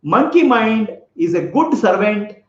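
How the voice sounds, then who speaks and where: A man with a high voice, very animated yet at a measured pace, leads a spiritual talk in which he shares a parable, poses questions to listeners and laughs often. Slightly dull, lo-fi sound carries echo from the room.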